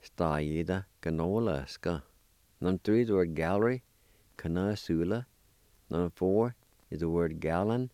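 Man, language lesson host, very deep voice, slow careful delivery, dry close sound. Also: dark tone, clear, resonant tone, no room sound. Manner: slow, careful spelling and repeating of words. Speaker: language teacher and program host.

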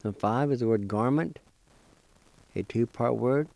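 A man teaching a language lesson, spelling and pronouncing words slowly, letter by letter, and encouraging his listeners. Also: medium pitch, vocal fry, darkish tone. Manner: slow, deliberate, spells letter by letter. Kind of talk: slow spelling and pronunciation lesson.

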